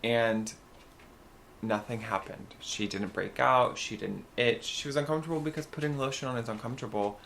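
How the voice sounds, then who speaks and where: A man co-hosting a podcast in casual chat, telling gossipy stories in an animated way with sudden loud bursts. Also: medium pitch, normal speed, vocal fry, slight background noise. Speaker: podcast co-host.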